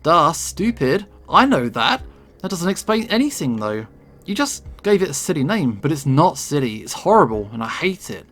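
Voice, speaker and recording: A man voicing a distraught young female cat in a visual novel, shrill and cracking with tears. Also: sing-song, normal speed. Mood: desperate.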